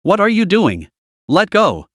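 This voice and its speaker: An icy young woman, contemptuous and cutting, scolding a rival in a storybook recap, as a male narrator puts her on. The read is lively in pitch, a touch high, with a dry close sound. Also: fairly quick, no echo, lightly acted.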